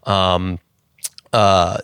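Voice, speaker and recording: A male podcast host with a fairly low voice talks in a reflective, halting way. The recording is dry and close to the mic. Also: little pitch movement, a bit bright, clean tone, no room sound. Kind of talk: casual podcast chat.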